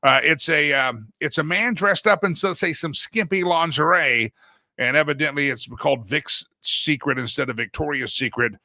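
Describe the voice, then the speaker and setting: A middle-aged man hosting a casual political talk show, joking his way through memes and swinging between loud bits and hushed asides. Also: fairly high pitch, moderate pace, no room sound. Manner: jokey, sings a silly jingle between segments.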